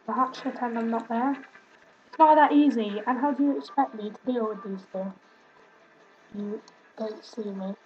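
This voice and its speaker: A young woman with a highish voice streams a game, chatting and giggling as she reads the on-screen text aloud and adds fond asides. Her home stream audio is slightly muffled, with slight background noise.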